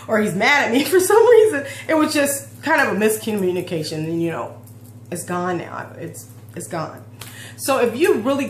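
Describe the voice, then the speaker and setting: Heartfelt woman in her forties, roomy echo. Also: mid-range voice. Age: 40s. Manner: heartfelt, emotional, rambling with restarts. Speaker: fitness vlogger. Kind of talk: personal confessional vlog talk. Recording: roomy echo with faint hum.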